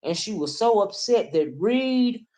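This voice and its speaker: A woman's voice: mid-range voice, animated, measured pace, dark tone. A woman, chatting casually on a livestream, greeting viewers by name and calling them honey. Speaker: livestream commentator. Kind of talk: casual live-chat commentary.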